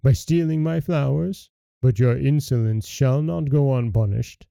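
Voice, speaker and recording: A man voicing a furious monstrous beast in a storybook reading, slow and menacing. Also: mid-range voice, gravelly, dark tone, no room sound.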